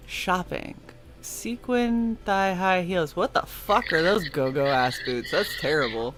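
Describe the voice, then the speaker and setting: A woman's voice: on the low side, takes it slowly, music in the background. A woman co-hosting a casual live stream, talking bluntly with plenty of swearing and sarcasm. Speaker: stream co-host.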